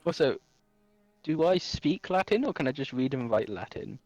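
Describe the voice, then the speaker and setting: A man's voice: mid-range voice, very animated, moderate pace, darkish tone, no echo, soft background music. A man playing in a tabletop game, chatting casually and asking questions. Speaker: player.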